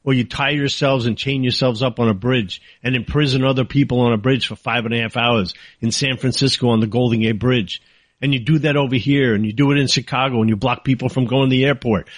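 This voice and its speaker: A man's voice: mid-range voice, fairly even intonation, brisk, no room sound. A man hosting a political talk show, ranting angrily and sarcastically in a monologue. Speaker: talk radio host.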